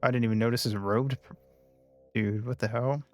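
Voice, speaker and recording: A man's voice: mid-range voice, fairly even intonation, normal speed, faint music behind. Man streaming a game, casual asides. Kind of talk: let's play with read-aloud dialogue.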